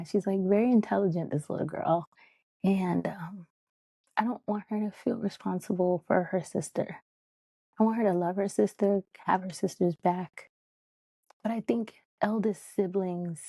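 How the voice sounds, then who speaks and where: A woman's voice: on the low side, warm tone, no room sound. A woman hosting a podcast, talking in a candid, heartfelt, rambling way with lots of fillers. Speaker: podcast host. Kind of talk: casual podcast monologue.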